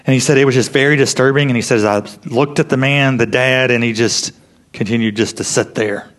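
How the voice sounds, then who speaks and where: A man preaching a sermon in an earnest storytelling way, often dropping to a hush for emphasis. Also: mid-range voice, steady tone, a little fast. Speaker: pastor.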